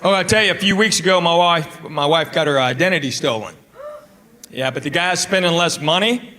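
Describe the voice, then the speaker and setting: A fairly high-pitched, fairly quick-talking man from Tennessee does stand-up in an East Tennessee Southern drawl, spinning folksy stories and acting out the dialogue. He's on a comedy club stage before a live audience. The live club recording carries loud laughter and room noise.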